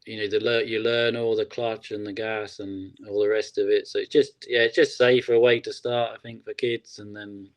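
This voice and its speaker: An English man, a professional rider, answering questions in a brief, plain-spoken, soft-spoken way. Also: fairly low pitch, level tone, normal speed, hardly any pauses. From England. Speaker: guest, pro enduro rider. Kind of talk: casual interview chat.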